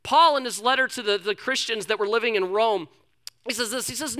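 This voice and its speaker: Pastor, thirties, male: high, bright voice, conversational sermon delivery with emphatic repeats. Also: brisk. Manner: conversational, self-deprecating storytelling with emphatic repetition.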